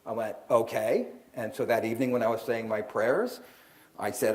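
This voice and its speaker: A man's voice: mid-range voice, moderate pace. A middle-aged man, an author and seminar speaker, telling a story to a live audience and acting out the voices in it. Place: event hall with an audience.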